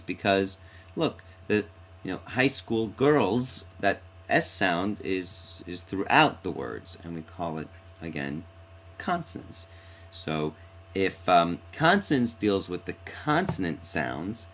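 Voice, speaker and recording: Low-voiced guy teacher doing a lesson, really bouncy delivery, hams up the examples. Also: fairly bright tone. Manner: playful, theatrical reading of examples. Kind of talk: recorded mini-lesson.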